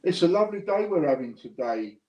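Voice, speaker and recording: A man's voice: a little high, very animated, fairly quick, dark tone, reverberant, distant mic, highs cut off, voice pushed up. A man voicing a broke adult man hinting at needing food through cheerful small talk. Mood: wheedling. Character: skint adult man fishing for help.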